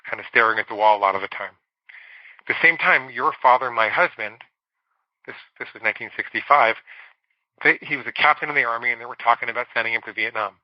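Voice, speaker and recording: A middle-aged man, a psychologist guest on a podcast, telling a candid personal story and slowing down on words he wants to stress. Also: mid-range voice, no room sound, muffled recording. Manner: candid, confessional storytelling with slow emphatic stretches.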